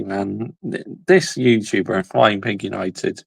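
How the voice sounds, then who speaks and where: A man hosting a football video channel, reacting to clips in casual, animated commentary with frequent exclamations and laughs. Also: mid-range voice, measured pace, gravelly, slightly rough, dry recording, rough recording. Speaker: YouTube football channel host.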